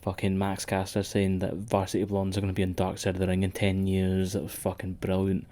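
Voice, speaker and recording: A man's voice: deep voice, monotone, a little fast, dark tone. A man co-hosting a wrestling podcast in sweary, rambling casual chat. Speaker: podcast co-host.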